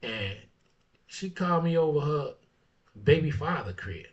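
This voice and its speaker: A man hosting his own talk show, speaking in a blunt, profane way, filling his talk with "man" and swinging from low mutters to heated rants. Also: expressive, measured pace, far from the mic. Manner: blunt and profane, fillers of "man" and "you know what I'm saying". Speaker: barber and show host. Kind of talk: casual talk monologue. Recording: dull lo-fi sound, speaker off-mic.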